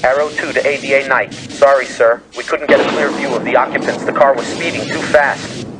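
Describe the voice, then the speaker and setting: Here is a police officer reporting by radio, played by an actor. His delivery is clipped and procedural and sits at a middle pitch. There is plain background noise behind him. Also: fairly even intonation, brisk, natural voice.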